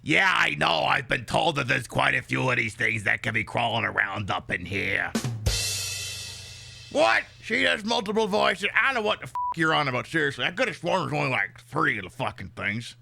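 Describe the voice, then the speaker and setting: A man streaming a video game and chatting with viewers in a sarcastic, profane, animated way. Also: medium pitch, fairly quick, gravelly, few pauses, soft background music. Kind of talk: casual live-stream chat.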